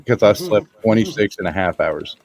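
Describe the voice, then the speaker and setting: A man co-hosting a casual podcast, telling a relaxed story. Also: lowish voice. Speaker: podcast co-host. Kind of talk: casual chat.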